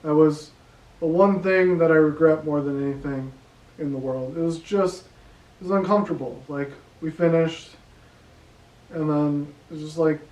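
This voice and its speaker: A man's voice: on the high side, fairly even intonation, normal speed, darkish tone, muffled recording. A young man doing a casual stand-up set, with a rambling delivery full of ums and likes. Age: young adult. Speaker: stand-up comedian. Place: room at home. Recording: echoey room, voice from a distance.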